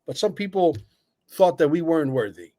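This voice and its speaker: A man co-hosting a livestream, talking bluntly and emphatically, cursing and filling pauses with "uh". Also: fairly high pitch, very animated, mellow. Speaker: livestream co-host. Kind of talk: opinionated livestream talk.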